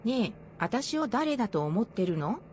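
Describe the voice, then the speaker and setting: A woman's voice: on the high side, sing-song, fast talker, darkish tone, slight background noise. An actress voicing a cutesy, self-assured young female pop idol character in a game. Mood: perky. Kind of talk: Japanese game voice acting.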